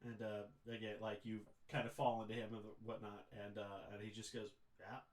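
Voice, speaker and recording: A man's voice: lowish voice, flat delivery, a little fast. A man narrating as game master in a loose, rambling way with many fillers. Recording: echoey room.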